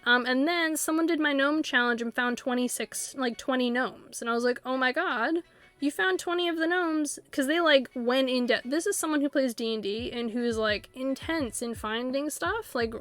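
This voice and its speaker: A woman's voice: high-pitched, normal speed, hardly any pauses, fairly bright tone, soft background music. A woman streaming a video game, chatting casually with her viewers and laughing often as she rambles. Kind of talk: casual live-stream chat while playing.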